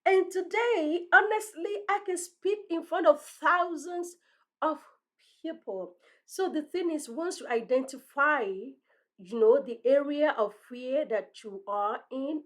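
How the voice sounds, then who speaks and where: Host read: high-pitched woman, thick accent, earnest motivational delivery from a book-lined room. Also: a little slow, fairly bright tone. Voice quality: self-described strong, thick accent. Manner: earnest, encouraging, ends in prayer. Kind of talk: motivational talk.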